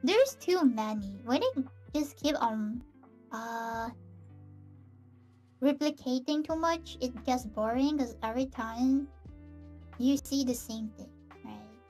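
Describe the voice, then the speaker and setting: A guest on a casual streamed chat, talking in a hesitant, halting way. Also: high voice, expressive, darkish tone, soft background music. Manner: hesitant, halting, quick laughs. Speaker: podcast guest.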